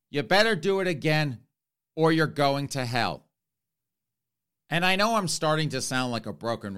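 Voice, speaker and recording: Sarcastic guy ranting on his show, slow, bright, clear voice. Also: a little high. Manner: mocking, ranting, addresses listeners as folks. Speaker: commentary host. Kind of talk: sarcastic comedic commentary.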